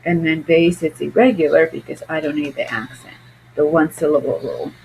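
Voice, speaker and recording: A woman's voice: low-pitched, a little fast, vocal fry, darkish tone, slight background noise, low-quality recording. A woman teaching Spanish verb conjugation in a screencast lesson, explaining patiently and thinking aloud.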